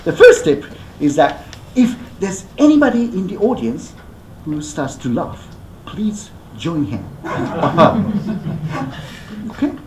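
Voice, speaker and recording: A rakugo performer who leads a live audience through gestures in a playful, coaxing way, giving step-by-step instructions. The delivery is very lively in pitch and is heard in an echoey hall. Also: slow pace, pauses often, a little hiss or hum.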